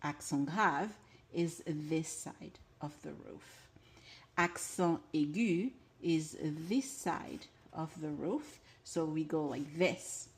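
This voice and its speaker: Woman, French accent, low pitch, unhurried, patient teacher. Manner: patient, explains step by step. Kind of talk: casual language lesson. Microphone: glasses-mounted camera for desk part.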